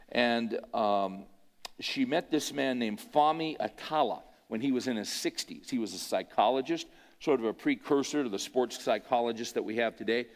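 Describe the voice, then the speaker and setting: Man preaching in a reverberant hall. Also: medium pitch. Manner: conversational, rhetorical questions to the audience. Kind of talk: sermon storytelling.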